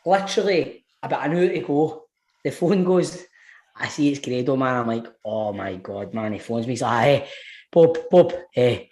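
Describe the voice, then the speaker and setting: Animated Scottish man telling a story. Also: mid-range voice, moderate pace. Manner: animated, swears often, laughs through his stories. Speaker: podcast co-host. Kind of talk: casual chat, storytelling.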